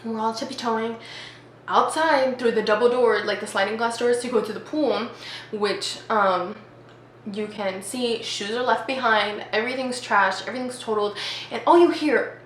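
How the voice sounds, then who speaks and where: Chatty young woman with a high voice. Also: normal speed, fairly bright tone. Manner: chatty, heavy use of "like". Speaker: vlogger. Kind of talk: casual storytime. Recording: echoey room with faint noise.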